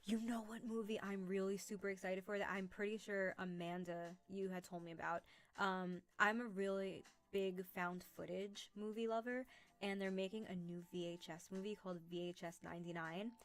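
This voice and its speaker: A woman's voice: mid-range voice, steady tone, normal speed. A young woman chatting casually on a live stream from home, rambling with many fillers.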